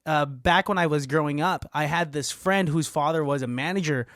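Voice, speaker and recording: Laid-back podcast guy, slightly high voice. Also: moderate pace, a bit bright, dry recording, studio quality. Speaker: podcast co-host. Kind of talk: casual chat.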